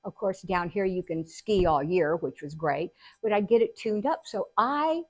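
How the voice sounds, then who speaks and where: Older woman, storyteller, casual, animated. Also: on the low side, moderate pace, no echo. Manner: animated, acts out quotes with laughter. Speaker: host telling personal stories.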